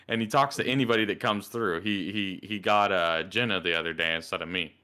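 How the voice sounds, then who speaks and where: A Southern man with a bright, forceful voice chats loosely on a podcast, spinning long rambling anecdotes. His tone is smooth and crisp, set a little low. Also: a little fast. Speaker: podcast co-host. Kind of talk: casual chat.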